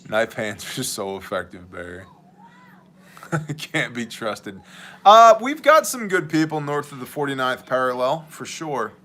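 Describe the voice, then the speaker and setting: A man's voice: mid-range voice, very animated, a little slow, a bit bright. A man hosting a casual livestream, reading viewer messages and joking around in a rambling way. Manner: joking, rambling, drifts into mock voices. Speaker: livestream host and ministry leader.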